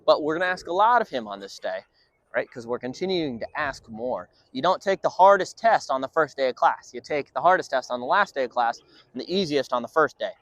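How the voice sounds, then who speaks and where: A man's voice: mid-range voice, lively intonation, a little fast, a bit bright, dry recording. A man working as a dog trainer, explaining his training session in an upbeat way between short firm commands to a dog.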